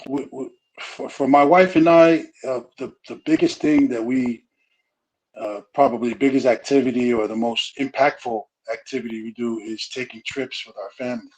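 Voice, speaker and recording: A middle-aged man speaking in a relaxed, conversational way. He wanders through his thoughts and restarts sentences often. He fills the gaps with plenty of "you know"s, and his voice sits at an ordinary middle pitch. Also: normal speed, low-quality recording. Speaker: guest speaker on family. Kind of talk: casual conversational talk.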